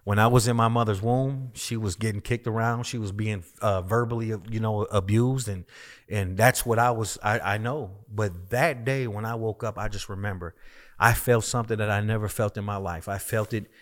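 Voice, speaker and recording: A man's voice: fairly low pitch, fairly even intonation, normal speed. Emphatic man telling his testimony. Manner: emphatic storytelling with frequent repetition. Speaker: minister, guest. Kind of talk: personal testimony in conversation.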